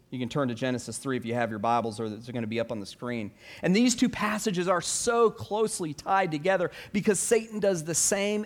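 Pastor guy preaching, fairly high voice for a man, reads the bible out and throws questions at the church. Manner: reads scripture aloud, asks the congregation rhetorical questions. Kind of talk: sermon.

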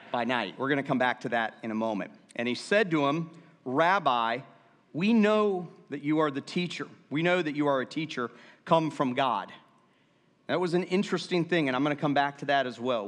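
A man's voice: on the high side, normal speed. A man pastor preaching a sermon, reading scripture aloud and drawing the congregation in with call-and-response and jokey asides. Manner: lively, asks the congregation to repeat words aloud; jokey asides between verses. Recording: long reverb of a large hall.

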